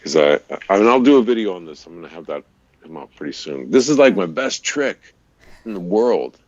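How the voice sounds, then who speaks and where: A man, a voice-over artist and radio DJ, chatting in an interview and explaining voice technique in an easy way, with a deep, resonant voice. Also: big pitch swings, fairly quick, darkish tone, dry recording, highs cut off. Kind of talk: casual interview chat.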